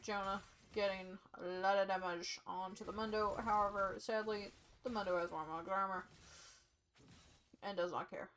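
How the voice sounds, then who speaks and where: A young woman casting a live esports match in a relaxed play-by-play, tired and yawning. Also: mid-range voice, moderate pace, slight background noise. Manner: sleepy, yawning, casual play-by-play. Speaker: esports caster.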